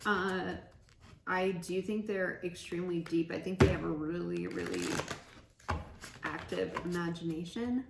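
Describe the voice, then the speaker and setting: A woman's voice: fairly low pitch, unhurried. A woman giving a casual pick-a-card tarot reading, chatty and giggly, laughing often. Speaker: tarot reader. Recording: echoey room with faint noise.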